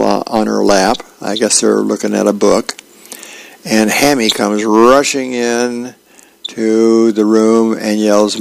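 A man reading newspaper comic strips aloud on the radio at a steady pace, acting out the characters. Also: lowish voice, vocal fry, dry recording, rough recording. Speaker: radio reader.

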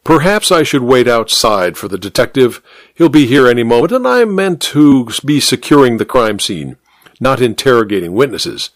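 A man's voice: medium pitch, big pitch swings, no room sound. A man doing a hesitant, nervous policeman. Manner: hesitant, halting. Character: uncertain, nervous young policeman.

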